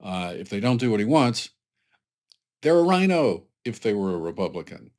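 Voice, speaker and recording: A man with a fairly low voice, talking through political commentary in a loose, rambling way. He is emphatic and sarcastic and often restarts his sentences. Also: very animated, moderate pace, a little mellow.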